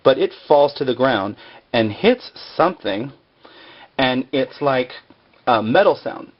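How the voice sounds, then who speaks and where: A man's voice: mid-range voice, lively intonation, slow, highs cut off. A man recapping a TV episode in a loose, casual way, full of fillers and joking asides. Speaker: video blogger recapping a TV episode.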